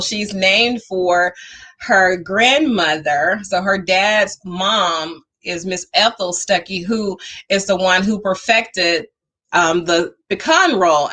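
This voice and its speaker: A woman's voice: fairly low pitch, sharp tone. A woman hosting a talk show, chatting upbeat and motivational to her livestream viewers while she waits for a guest.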